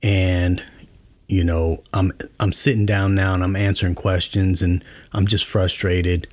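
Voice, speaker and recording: Low-voiced man hosting a storytelling podcast. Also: unhurried, no echo. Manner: relaxed, conversational, many fillers. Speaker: podcast host. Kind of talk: casual storytelling monologue.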